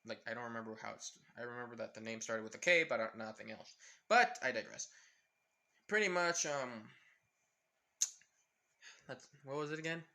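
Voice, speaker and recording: A young man retelling a fan story off the top of his head, rambling and backtracking as he goes. His voice is bright and forward, at an ordinary mid pitch. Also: moderate pace, pauses often. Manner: rambling, full of fillers and restarts. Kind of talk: casual improvised story retelling.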